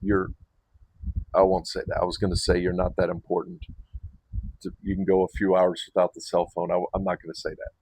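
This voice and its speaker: Low-voiced man rambling warmly. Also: completely flat delivery, fairly quick, husky, low-quality recording. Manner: rambling, restarts and self-corrections, chuckles. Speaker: men's retreat host. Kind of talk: casual invitation to camera.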